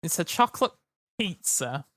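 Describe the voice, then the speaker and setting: A man's voice: a little high, very animated, normal speed, pushed and bright, no echo, clean studio sound. A tired man chatting casually to his live-stream audience, rambling and joking. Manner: rambling, jokey, slips into silly voices. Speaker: livestreamer.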